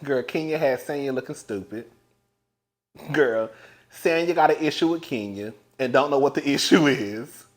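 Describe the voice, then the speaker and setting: In a breezy, sassy reality-show recap, this man laughs a lot, addresses viewers as "girl," and shifts between loud outbursts and hushed asides. His voice is mid-range and his speed normal.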